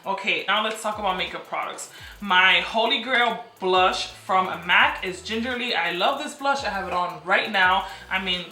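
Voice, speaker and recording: A woman's voice: medium pitch, sharp tone, roomy sound. A young woman in her twenties chatting enthusiastically to camera in a casual vlog from her apartment. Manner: chatty, enthusiastic, repeats phrases for emphasis. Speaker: beauty and lifestyle vlogger. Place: apartment room.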